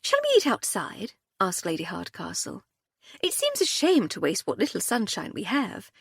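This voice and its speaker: A woman's voice: mid-range voice, wildly swooping pitch, normal speed, vocal fry, slightly rough, dry recording, exaggerated voice. A woman narrator voicing a witty, unflappable upper-class lady detective with a dry, breezy manner.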